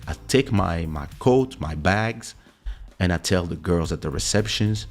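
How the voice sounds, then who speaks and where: A man tells a story from his own life in a loose, lively way. His fairly low voice jumps up whenever he acts out the people in the story. Faint music plays softly behind him. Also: a little slow. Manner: animated, acts out quoted voices. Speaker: podcast host telling a story. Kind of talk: casual storytelling.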